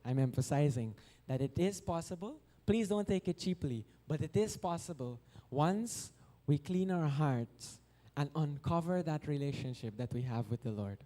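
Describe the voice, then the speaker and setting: A man preaches at a temple festival with a lively, storytelling delivery. His voice sits a little high but sounds mellow and soft-edged. He acts out the characters and slips into chanted verses as he goes. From Guyana. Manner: animated storyteller acting out voices, sings verses. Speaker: devotional speaker. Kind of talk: storytelling sermon. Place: temple hall.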